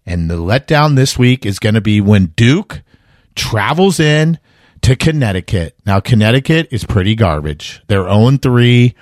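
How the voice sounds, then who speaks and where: A man's voice: on the low side, measured pace, no room sound, studio quality. A middle-aged man co-hosting a sports betting podcast, chatting casually and animatedly, acting out quotes. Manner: animated, jokey, acts out quotes. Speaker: podcast co-host giving betting picks.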